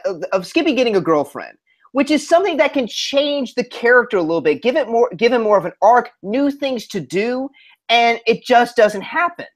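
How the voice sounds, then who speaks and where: Easygoing man hosting with a lively pitch. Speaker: podcast host. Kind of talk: casual podcast chat.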